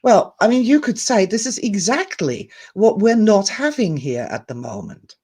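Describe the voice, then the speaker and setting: A woman hosting a live online talk, speaking earnestly in a reflective monologue, laughing softly between thoughts and replying to viewer comments. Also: mid-range voice, big pitch swings, moderate pace, breathy edge. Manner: earnest, musing, reading viewer comments aloud.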